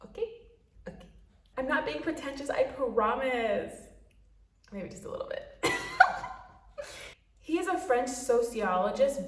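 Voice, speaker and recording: A woman's voice: on the high side, distant mic. Chatty woman explainer in a roomy space. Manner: chatty, playful asides, rhetorical questions. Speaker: video essayist. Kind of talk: casual explainer commentary. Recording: roomy echo, a bit off-mic.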